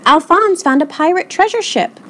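A woman's voice: extremely high pitch, expressive, normal speed, sharp tone, voice pushed up, exaggerated voice. A woman voicing an eager young boy who pleads and exclaims earnestly in a storybook reading.

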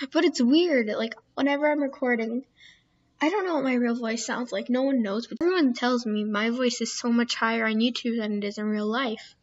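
A woman's voice: fairly high pitch, normal speed. A teenage girl YouTuber rambling in casual chat, easily distracted and self-mocking. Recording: dull lo-fi screen-capture audio.

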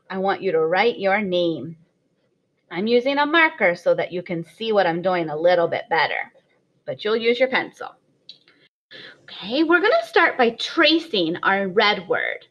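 Sing-song kindergarten teacher woman, lively pitch. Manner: sing-song, encouraging teacher voice for small children. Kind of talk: kindergarten writing lesson. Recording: slightly dull lo-fi audio.

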